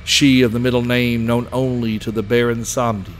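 A man narrating a scripted story with steady, even pacing. His voice sits in a mid range, and a faint hiss lies underneath. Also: mid-range voice, brisk.

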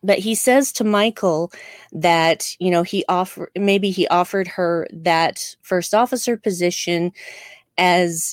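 A woman's voice: lowish voice, slow pace, no room sound, studio quality. A woman co-hosting a casual podcast chat, talking in an impassioned and emphatic way. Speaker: podcast co-host.

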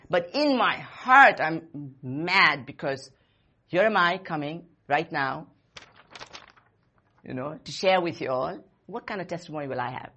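A woman in her fifties gives a sermon in church, her voice low and husky. She talks to the congregation in a personal, conversational way and repeats short phrases with emphasis. Her tone stays earnest and direct. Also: expressive, a little slow, bright, forceful tone. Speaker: church speaker.

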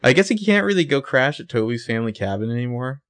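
A man's voice: mid-range voice, big pitch swings, quick pace, a bit bright. A man co-hosting a podcast, casually recapping a TV episode, laid-back, laughing easily and swearing now and then. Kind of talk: casual chat.

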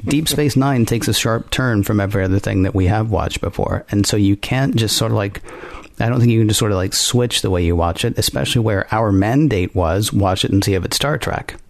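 A man's voice: lowish voice, brisk, creaky, dry recording. A man co-hosting a podcast, thinking aloud in casual talk and rambling through restarts. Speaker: podcast co-host.

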